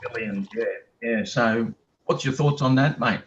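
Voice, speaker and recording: A man's voice: medium pitch, moderate pace, a little hiss or hum. Australian man on a dull caller line. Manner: chatty, hesitant, lots of ums. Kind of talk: casual call-in chat. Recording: dull lo-fi call audio.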